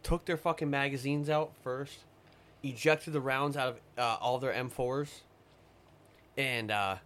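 A man's voice: mid-range voice, fairly even intonation, unhurried, fairly bright tone. Rambling, profane man telling a story. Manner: rambling, profane, retells stories in quoted voices. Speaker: podcast guest. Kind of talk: casual storytelling.

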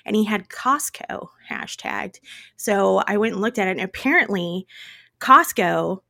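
Woman, Southern accent, casual podcast chat, chatty and animated, dead dry mic. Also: mid-range voice, unhurried, creaky, no echo. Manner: chatty and animated, peppered with "like" and "y'all". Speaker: podcast co-host.

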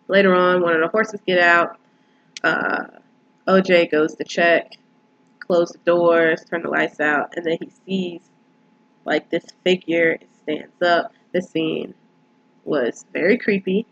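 Lowish voiced woman rambling thru a movie recap, like like like, muffled lo-fi sound. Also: fairly bright tone. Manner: rambling, filler-heavy retelling with frequent "like". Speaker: film reviewer. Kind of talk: casual spoken film review.

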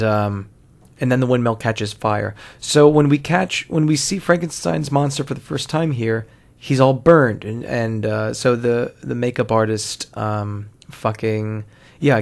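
Gravelly man rambling through movie commentary. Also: medium pitch, a little mellow. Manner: rambling, self-correcting, swears casually. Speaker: film commentator. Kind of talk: casual watch-along movie commentary.

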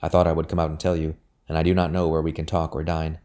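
A man voicing an eager young gentleman. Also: extremely low pitch, level tone, quick pace. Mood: hushed.

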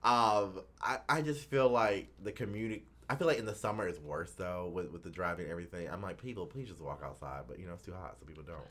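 A man co-hosting a casual chat, playful and teasing, with a husky voice. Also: low-pitched, fast, hardly any pauses. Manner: playful and teasing, with lively swings. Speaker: podcast co-host.

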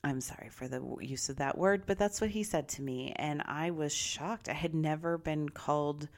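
A middle-aged woman with a notably low voice shares a personal story. She talks in a candid, bubbly way and confides in her listeners. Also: normal speed, darkish tone. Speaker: vlogger.

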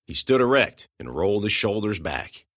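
A man narrating a first-person audiobook with lively, expressive storytelling. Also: fairly low pitch, normal speed, no room sound, clean studio sound.

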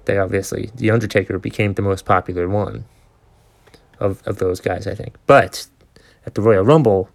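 A man's voice: fairly low pitch, moderate pace, vocal fry. A man in his forties hosting a podcast, telling a long story in a casual, ranting way with plenty of swearing and exasperation. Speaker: podcast host.

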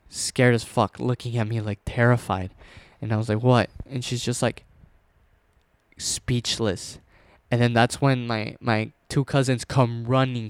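A young man casually telling a scary personal story, rambling with fillers and restarts, dropping to a hush at tense moments. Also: mid-range voice, no echo.

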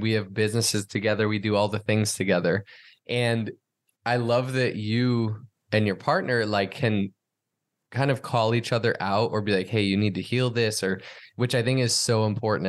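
A man with a fairly low voice co-hosting a podcast and questioning his guest. He is enthusiastic and loose, and he leans on "like" as he builds his questions. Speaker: podcast co-host. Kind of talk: conversational interview.

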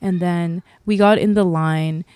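A woman's voice: on the low side, steady tone, measured pace, darkish tone, clear, resonant tone, no echo. A woman telling a candid personal story about being a mother, swearing freely and filling her talk with "like". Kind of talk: casual podcast chat.

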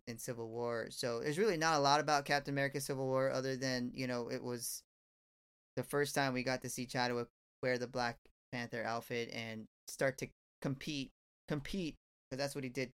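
A man on a podcast, chatting casually and excitedly about movies, with lots of fillers and restarts. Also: mid-range voice, moderate pace, smooth. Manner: enthusiastic, rambling, many fillers. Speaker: podcast host. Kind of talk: casual film review chat.

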